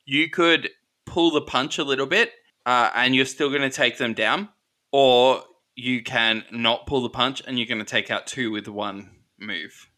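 A man narrating a tabletop game as game master, describing scenes in a measured way. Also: mid-range voice, bright, forceful tone.

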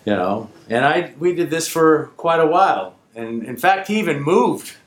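In a roomy-sounding recording, a man with a slightly high voice talks at normal speed, sharing a casual, true anecdote from his working life. He gets animated, performing the quoted voices of the characters.

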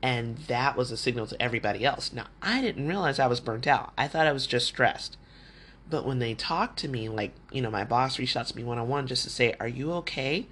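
Speaking fairly quickly in a medium-pitched, slightly bright voice, this man hosts a casual advice podcast, chatting candidly and frequently performing remarks people made to him. A little hiss or hum sits under the audio.

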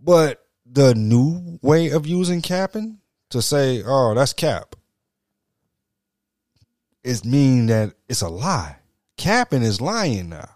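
A man's voice: mid-range voice, very animated, takes it slowly, darkish tone, dry recording, studio quality. A middle-aged man in casual, profane chat, telling stories animatedly and slipping into quoted voices.

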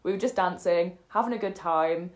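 A young woman co-hosting a podcast, telling a night-out story in an animated way, acting out the people she quotes. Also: on the low side, normal speed. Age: young adult. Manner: animated storyteller, acts out quoted voices, many fillers. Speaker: podcast co-host. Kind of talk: casual storytelling chat. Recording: echoey room.

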